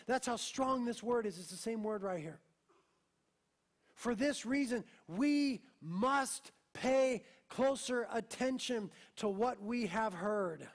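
A young adult man, a pastor preaching a sermon with passion, swinging from hushed lines to emphatic ones. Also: very high voice.

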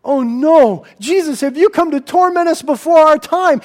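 A man's voice: very high voice, normal speed, darkish tone, voice pushed up. Man doing fearful pleading demons. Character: cowering male demons, loud and fearful.

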